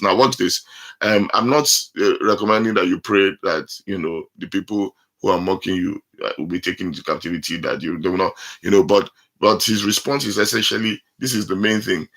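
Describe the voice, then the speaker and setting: A pastor preaching a sermon, explaining scripture line by line with many fillers. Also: male voice, on the low side, moderate pace, a bit bright.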